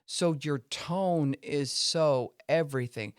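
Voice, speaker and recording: A man's voice: fairly high pitch, slow pace, smooth, dry recording, studio quality. A man giving an earnest faith-based teaching talk on a podcast, acting out voices to make his points. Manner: earnest, acts out angry and weary voices to illustrate. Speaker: Christian podcast speaker.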